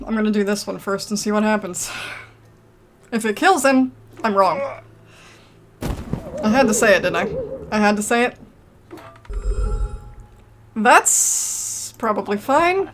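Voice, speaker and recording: A woman's voice: medium pitch, moderate pace, long pauses, slight background noise. A woman giving casual gameplay commentary, chatty and self-mocking, reading game text aloud and reacting with exasperated outbursts. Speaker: let's play gamer.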